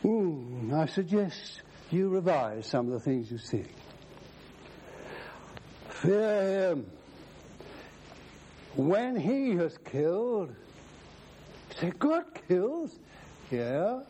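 A man's voice: on the high side, very animated, drawn-out words, pauses often, mellow, slight background noise. A man preaching a sermon, emphatic, quoting scripture at length.

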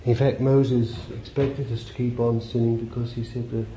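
A man's voice: medium pitch, flat delivery, moderate pace, dark tone. A man preaching a sermon in a conversational way, repeating phrases and putting questions to his listeners. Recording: dull lo-fi recording with faint hiss.

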